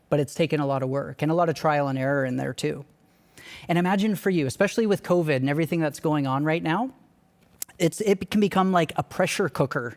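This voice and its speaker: Young male church staff speaker, slightly high voice; earnest, candid, conversational storyteller. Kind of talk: personal storytelling talk.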